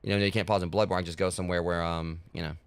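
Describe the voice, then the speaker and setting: A man's voice: sits low, steady tone, racing, vocal fry, clean tone, dry recording. A man streaming a horror game and chatting loosely to his viewers, rambling with lots of fillers. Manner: rambling, heavy with fillers like "like" and "you know". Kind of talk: casual gaming livestream talk.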